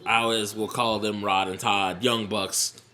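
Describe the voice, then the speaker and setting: Man, casual reaction commentary, excitable and profane, bright, slow delivery. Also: on the low side. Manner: excitable, laughs often, swears freely. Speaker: wrestling reaction vlogger.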